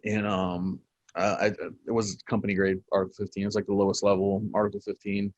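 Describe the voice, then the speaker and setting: A man in his forties with a lowish voice tells old service stories in a loose, profane way, laughing often as he goes. The sound is close and dry, with no room around it. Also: quick pace, dry recording, dull audio. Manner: profane, animated storyteller who laughs often. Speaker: military veteran guest. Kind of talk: casual storytelling interview.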